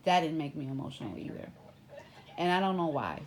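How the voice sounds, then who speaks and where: Woman, Louisiana accent, lowish voice, chatty commentator who spikes up in pitch when stirred. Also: fairly quick. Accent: Louisiana Southern US. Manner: animated, rises sharply when excited, many fillers. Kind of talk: casual commentary.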